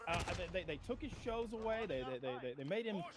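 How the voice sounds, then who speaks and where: Lively sarcastic man over loud gunfire. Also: sits high, fast talker, background noise. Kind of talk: casual banter while gaming.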